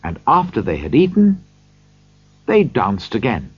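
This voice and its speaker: A man narrating a storybook in a slow, highly expressive reading. His pitch swings widely and his voice is slightly husky. The recording is dry, dull and lo-fi. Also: no echo.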